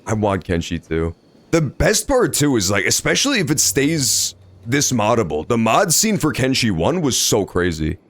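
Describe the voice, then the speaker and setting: A man's voice: mid-range voice, moderate pace. A man streaming a video game, chatting casually and joking, often calling out to the characters on screen. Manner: animated, jokey, talks to game characters. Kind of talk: casual gameplay commentary.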